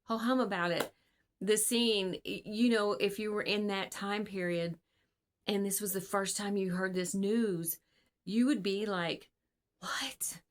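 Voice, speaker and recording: A woman's voice: medium pitch, steady tone, measured pace. A woman casting director giving casual advice to camera in an earnest, rambling way, full of ums and restarts, over a video call. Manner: rambling, filler-heavy and earnest.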